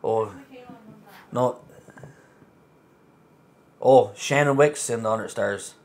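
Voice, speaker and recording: A man's voice: lowish voice, very slow, darkish tone. An Australian man co-hosting a live stream, chatting casually, laughing often and thanking viewers. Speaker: livestream co-host.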